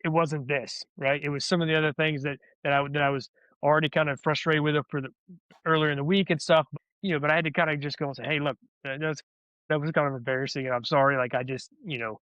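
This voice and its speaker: A man talks fast and candidly, looping back over his words as he tells a personal story. His voice sits a little high for a man. The audio is dull and lo-fi. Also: steady tone, fairly bright tone, no echo. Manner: rambling, repeats words as he restarts. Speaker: guest, former soldier turned wellness advocate.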